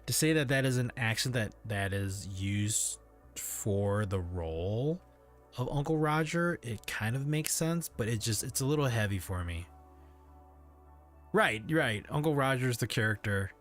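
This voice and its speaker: A man's voice: medium pitch, expressive, measured pace, soft background music. A man hosting a livestream in casual chat, rambling and hesitant with frequent restarts. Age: adult parent. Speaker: livestream host.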